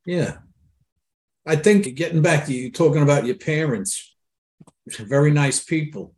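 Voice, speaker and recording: A man's voice: fairly high pitch, a little slow, darkish tone. An older man hosting an interview, telling family stories in a folksy, anecdotal way. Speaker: host. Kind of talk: casual interview talk.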